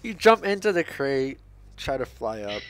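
A man's voice: medium pitch, a little hiss or hum. A man hosting a multiplayer let's play, chatting casually and exclaiming and laughing often as he plays. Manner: excitable, quick to exclaim and laugh. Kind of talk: casual gameplay commentary.

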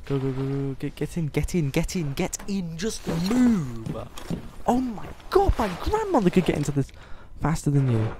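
A man's voice: fairly high pitch, wildly swooping pitch, normal speed, background noise. A man giving live gameplay commentary who keeps swearing and ranting at the game out of frustration. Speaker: gaming video host.

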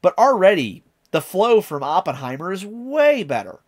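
A man's voice: sits high, very animated, moderate pace. A man streaming a casual reaction, chatty and enthusiastic as he explains lyrics.

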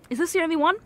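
A woman in a whispered role-play as a girlfriend, talking softly and earnestly, swinging between hushed pleading and sharp, swearing exasperation. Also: very high voice. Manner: swears when frustrated. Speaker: ASMR role-play performer.

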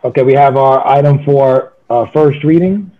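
A man chairing a city council meeting, thanking speakers and moving quickly through the agenda. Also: medium pitch, phone-quality sound. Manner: brisk, apologetic, thanking speakers. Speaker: council president.

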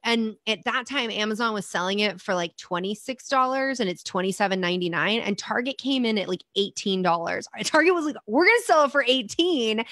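A chatty woman from the United States, talking casually as an interview guest. She tells lively stories, acting out what people said to her. The sound is close and dry, with no room echo. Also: medium pitch, fairly quick, hardly any pauses. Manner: chatty, animated storytelling with quoted asides. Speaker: author and doctor, guest.

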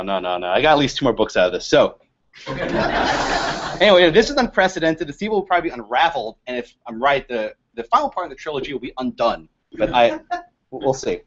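A man giving a lively, joking law lecture to a live audience, quizzing the room and laughing at his own jokes. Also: on the high side. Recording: dull lo-fi lecture recording.

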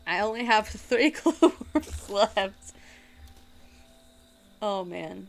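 A woman's voice: medium pitch, expressive, drawn-out words, creaky. A woman streamer chatting casually while she plays a game, rambling and giggling as she goes. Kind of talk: casual gaming chat.

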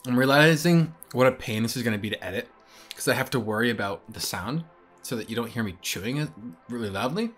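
A man's voice: medium pitch, lively intonation, fast, fairly bright tone, soft background music. A young man and student rambling casually to camera in a vlog, self-deprecating and chatty. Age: young adult. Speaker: vlogger.

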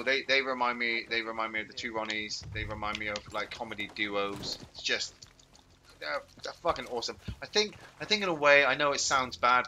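A man's voice: mid-range voice, pushed and bright, slight background noise. A man chatting casually while playing a video game, rambling, swearing, and breaking off his own sentences. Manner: rambling, swearing, self-interrupting. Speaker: game streamer. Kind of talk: casual gameplay commentary.

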